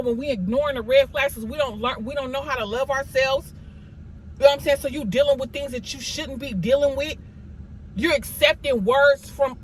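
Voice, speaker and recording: A woman's voice: sits high, slight background noise, poor audio. A woman giving an emphatic, repetitive motivational monologue, scolding herself and her viewers in a preachy tone. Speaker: motivational vlogger. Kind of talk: motivational self-talk monologue.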